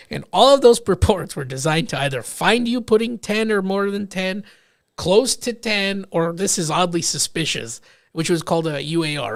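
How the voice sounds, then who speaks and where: Animated storytelling man with a gravelly voice. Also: fairly high pitch, dry recording. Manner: animated storyteller acting out quoted people. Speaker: podcast host. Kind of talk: casual podcast chat.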